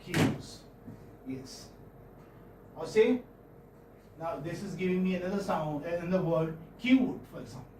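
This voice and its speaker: A man with an Indian English accent giving a classroom phonetics lecture, halting and often checking in with students. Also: high-pitched, mellow, slight background noise. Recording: roomy classroom audio from far off.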